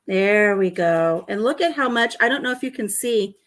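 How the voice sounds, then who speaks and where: A woman's voice: medium pitch, expressive, moderate pace. A woman hosting a casual home vlog, chatting and telling stories with a lot of laughter. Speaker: vlog host. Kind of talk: casual chat while tasting tea.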